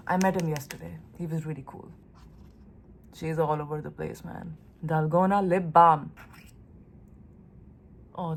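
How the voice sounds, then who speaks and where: A woman's voice: lowish voice, slight background noise. A young woman from India talking casually to camera in a vlog, chatty and emotional, gushing over everything. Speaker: lifestyle vlogger.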